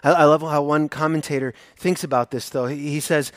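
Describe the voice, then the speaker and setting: A male pastor preaching a sermon, earnest, swinging from emphatic to hushed and intimate. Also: a little high, fairly even intonation, brisk, no echo, clean studio sound.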